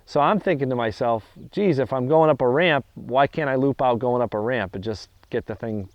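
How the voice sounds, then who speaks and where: A middle-aged man telling a story in a casual interview, halting, with many restarts and fillers. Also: mid-range voice, no echo, lo-fi sound.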